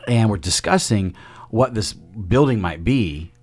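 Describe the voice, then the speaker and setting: A man's voice: fairly low pitch, lively intonation, unhurried, darkish tone, breathy edge. A man hosting a casual faith discussion, explaining step by step with homespun analogies and often restarting his sentences mid-thought. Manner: frequent self-interrupting restarts.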